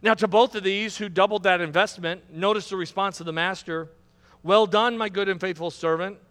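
A man's voice: high voice, steady tone, fairly quick, a bit bright, big-room sound. A middle-aged man preaching a sermon as pastor, building to emphatic, repetitive climaxes. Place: church sanctuary.

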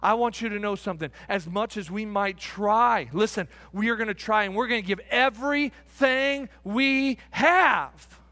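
A man preaching a sermon as pastor, emphatic and repetitive, calling the congregation friends, building to excited shouts and then dropping to a quiet, close tone. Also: high-pitched, no echo. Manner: emphatic, repeats phrases, addresses the congregation as friends. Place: church sanctuary.

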